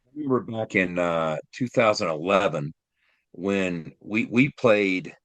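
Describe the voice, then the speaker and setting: Lower-voiced man reminiscing casually. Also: unhurried, no echo. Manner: relaxed, reminiscing with hesitant fillers. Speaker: podcast co-host. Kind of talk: casual sports chat.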